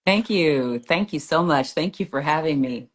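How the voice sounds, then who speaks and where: A woman's voice: deep voice, lively intonation, moderate pace, a little hiss or hum. A woman guest in an interview, graciously thanking the host in short replies. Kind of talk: casual interview.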